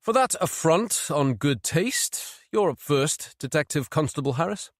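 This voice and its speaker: A man's voice: fairly high pitch, animated, measured pace, no room sound, pitched above the performer's own voice. A man reading an audiobook, voicing a dry, clipped senior male detective in charge.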